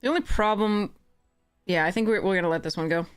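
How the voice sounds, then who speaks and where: A woman giving casual commentary while playing a card game, chatty, often correcting herself and slipping in quick apologies. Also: mid-range voice, clean tone, no echo, studio quality. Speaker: game streamer.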